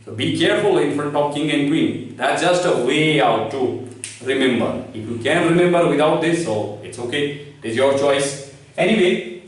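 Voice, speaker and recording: A man teaching a lesson, explaining step by step and asking his own questions before he answers them. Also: mid-range voice. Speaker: French teacher. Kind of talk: classroom lesson. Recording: echoey room, far from the mic.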